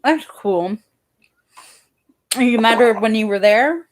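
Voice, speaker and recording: A woman's voice: on the high side, lively intonation, slow pace. A woman chatting casually with a friend, teasing and upbeat and encouraging. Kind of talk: casual chat.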